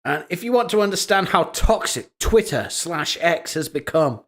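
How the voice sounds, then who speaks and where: A young man hosts a live stream, mocking social media posts, swearing and laughing often as he comments. His voice is on the high side and a bit bright, with lively intonation and a moderate pace.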